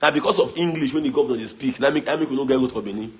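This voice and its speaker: A young Nigerian man from Edo with a local accent, talking loosely on a phone livestream, mixing in pidgin, animated and mocking with frequent laughs. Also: medium pitch, rapid-fire. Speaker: social media livestreamer. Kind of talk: casual livestream chat.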